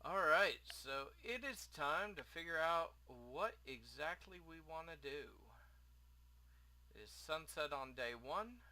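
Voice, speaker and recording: Man, casual game commentary, wry, offhand, self-mocking, fairly high voice. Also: animated, slow pace, sharp tone, poor audio. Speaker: let's play host.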